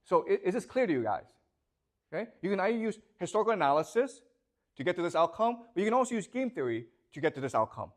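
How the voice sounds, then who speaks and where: A man's voice: high-pitched, very animated, fast talker. A man lecturing a class, constantly checking that his students understand with rhetorical questions.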